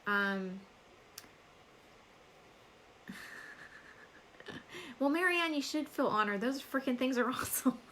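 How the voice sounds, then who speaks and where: A woman's voice: high-pitched, animated, slow pace, pauses often, fairly bright tone, a little hiss or hum, rough recording. A woman hosting a live stream as a psychic medium, chatting casually, laughing often and answering viewers by name.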